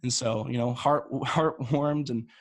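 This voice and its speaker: A man's voice: medium pitch, fairly even intonation, measured pace, dry recording. A young man in his twenties, a podcast co-host, telling a long shaggy-dog joke in a rambling way, with many restarts. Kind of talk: casual podcast storytelling.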